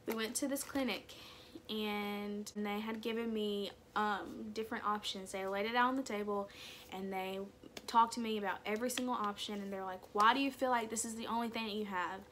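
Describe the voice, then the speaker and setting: A woman's voice: medium pitch, fairly even intonation, a little fast. Young woman, candid confessional vlog, mid-range voice, casual filler-heavy delivery, faint background hiss. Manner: casual, full of "like" and "kinda" fillers; candid, soft-spoken about hard memories. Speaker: vlogger. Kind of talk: personal storytelling to camera.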